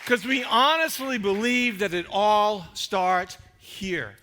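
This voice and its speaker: A man's voice: sits high, slow, pushed and bright, a faint crowd. A man pastor delivering a sermon in a church, emphatic and rhetorical, building his points through repetition.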